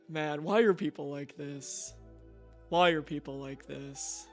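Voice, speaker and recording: A young man streaming a game, telling a story in a profane, animated rant full of "right?" asides. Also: on the high side, slow, soft background music.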